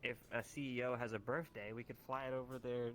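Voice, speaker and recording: A man's voice: mid-range voice, level tone, fast talker, a little hiss or hum. A man in a casual roleplay chat, talking eagerly and playfully.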